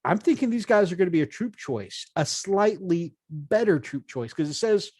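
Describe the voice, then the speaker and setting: A man's voice: sits high, lively intonation, normal speed, darkish tone, husky, no room sound, studio quality. A man co-hosting a casual tabletop hobby livestream, chatting and laughing often. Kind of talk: casual chat.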